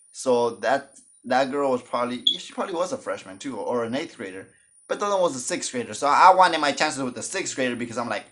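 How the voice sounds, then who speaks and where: A man telling a storytime vlog in a casual, jokey way. He is animated and keeps acting out the voices of the people in his story. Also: mid-range voice. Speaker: storytime vlogger.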